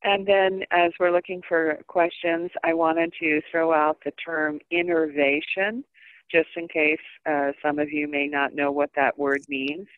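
A woman co-teaching a massage-therapy webinar, defining terms slowly and carefully with fillers, heard over a video call. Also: deep voice, level tone, no echo. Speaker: massage instructor co-hosting a webinar. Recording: tinny phone-like line.

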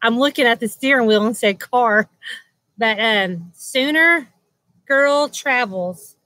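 A woman's voice: on the high side, slow pace, bright, forceful tone, no echo, rough recording. A woman hosting a casual livestream chat at home, greeting viewers by name and laughing often. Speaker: livestream host. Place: at home beside a loud air conditioner.

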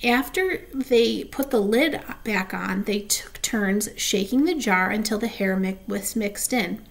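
A woman reading a children's chapter book aloud, gently, with small asides and slips. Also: mid-range voice, measured pace, creaky. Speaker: storybook reader.

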